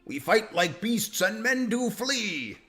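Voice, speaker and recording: A hearty pirate sidekick rolls out his words slowly in a stretched, swaggering drawl, as a man puts him on while reading game lines. He sounds eager and game for a fight. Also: high-pitched, very animated, bright, forceful tone, soft background music, voice pushed up, heavily acted. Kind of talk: reading game dialogue aloud in voices.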